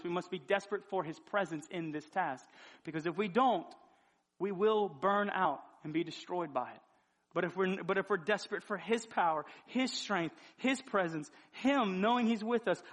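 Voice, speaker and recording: High-voiced man preaching with urgent questions. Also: fairly quick, a bit bright. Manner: urgent, repeated rhetorical questions. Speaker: pastor. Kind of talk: sermon.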